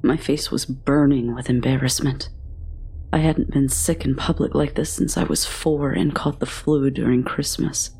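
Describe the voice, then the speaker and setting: A woman narrating a horror story in a measured, often whispery way. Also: very deep voice, creaky, darkish tone, breathy edge.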